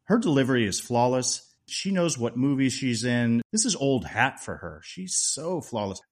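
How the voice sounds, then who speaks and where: A man's voice: mid-range voice, big pitch swings, normal speed. A man co-hosting a podcast, chatting enthusiastically about a film, with restarts along the way. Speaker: podcast co-host. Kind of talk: casual movie review chat.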